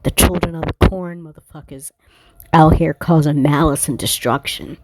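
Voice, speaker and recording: Woman tarot reader, phone-recorded rant, lowish voice, confrontational and profane, dry. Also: fairly even intonation, moderate pace, darkish tone, no room sound. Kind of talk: casual tarot reading monologue.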